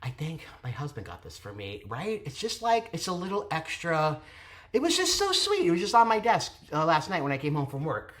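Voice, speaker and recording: A theatre-loving vlogger reviews a show in a casual, animated way. The voice leaps high and low, and it breaks into playful theatrical asides. The speaker gushes and digresses but always comes back to the show. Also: brisk, few pauses. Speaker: theatre reviewer hosting own channel.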